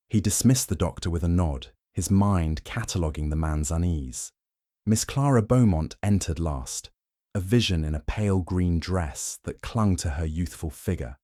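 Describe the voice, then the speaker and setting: A man narrating a mystery audiobook in a measured, scripted storytelling style. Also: sits low, a little mellow, no echo, studio quality.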